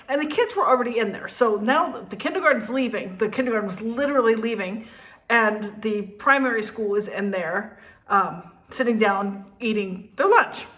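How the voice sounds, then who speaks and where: Animated New woman in her fifties. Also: a little high. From New Jersey. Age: 50s. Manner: animated, laughing, swears. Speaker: vlogger. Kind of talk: casual storytelling.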